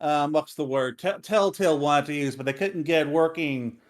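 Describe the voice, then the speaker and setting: A man's voice: a little high, normal speed. A man co-hosting a gaming podcast in casual chat, playful and teasing, with many fillers. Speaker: podcast co-host, games writer.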